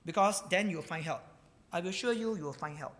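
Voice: mid-range voice, brisk, long reverb tail. A pastor preaching a sermon, emphatic and repetitive, stumbling over words with frequent fillers. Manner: emphatic, repeats key words.

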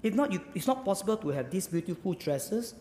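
A man's voice: sits high, brisk, a little hiss or hum. A man with a Singaporean English accent, preaching a sermon and firing rhetorical questions at his congregation. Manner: animated, asks the audience rhetorical questions. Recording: echoey hall with faint ambience.

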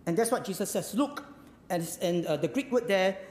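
A preacher delivers a sermon in a large, echoing hall where the voice rings on in a long reverb. The delivery is emphatic, full of rhetorical questions, swinging from loud and urgent to hushed and low at a middling pitch. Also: animated, moderate pace, slight background noise.

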